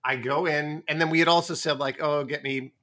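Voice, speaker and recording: Halting man telling a wry story. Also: a little high. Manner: halting, repeats words, wry deadpan. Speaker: podcast co-host. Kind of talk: casual chat.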